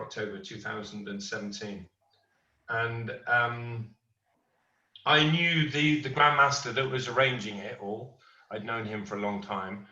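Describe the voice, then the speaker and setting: A middle-aged man teaches a martial arts class, switching between lively storytelling and step-by-step instruction. His voice is bright and carries, but it was captured from a distance in a roomy, echoing space with a dull, lo-fi sound. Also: medium pitch. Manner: storytelling, animated quoting of others.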